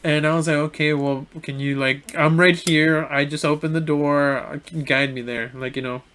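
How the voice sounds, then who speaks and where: A young man co-hosting a podcast, telling a story in a relaxed way with many fillers and restarts. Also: on the high side, normal speed, clear, resonant tone. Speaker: podcast co-host. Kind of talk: casual storytelling chat.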